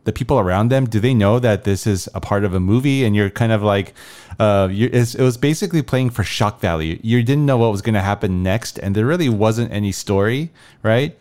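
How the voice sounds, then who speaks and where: A man co-hosting a casual movie review podcast, talking in a measured, analytical way. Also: lowish voice, darkish tone. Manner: measured, analytical, says yeah a lot. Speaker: podcast co-host. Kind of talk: casual film review chat.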